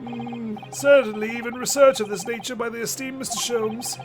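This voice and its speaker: A man's voice: extremely high pitch, fairly even intonation, moderate pace, over music, voice pushed up. A man doing a ponderous old English judge. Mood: measured.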